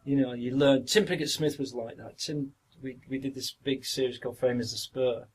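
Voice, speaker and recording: A man's voice: mid-range voice, fairly even intonation, moderate pace, slightly rough. A middle-aged man with a Yorkshire accent, a guest actor reminiscing through long anecdotes in a casual podcast interview.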